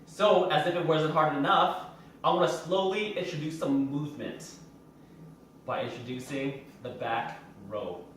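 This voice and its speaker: Trainer, male, a bit higher-pitched, instructive, recorded distant in a booming gym with faint noise. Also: a little slow, fairly bright tone. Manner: instructive, explains while doing the moves. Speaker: fitness trainer. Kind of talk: exercise demonstration. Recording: very echoey room heard from a distance.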